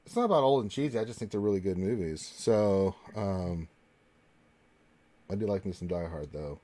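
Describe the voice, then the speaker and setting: A man's voice: low voice, moderate pace, crowd noise. Laid-back man hosting a live Q&A. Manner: relaxed, rambling, many fillers and restarts. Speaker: panel host reading viewer questions. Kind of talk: casual live Q&A chat.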